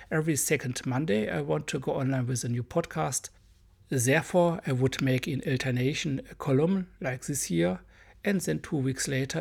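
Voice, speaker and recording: A man with a German accent, English not his first language, talks through his own podcast in a careful, earnest way. His voice is gravelly and a little husky, at an ordinary pitch. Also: a little mellow. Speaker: podcast host. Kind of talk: solo podcast monologue.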